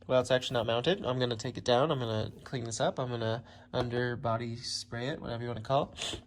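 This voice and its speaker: A man giving a casual build-update vlog about his car project, rambling and clearing his throat often. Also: mid-range voice, steady tone, quick pace, slight background noise.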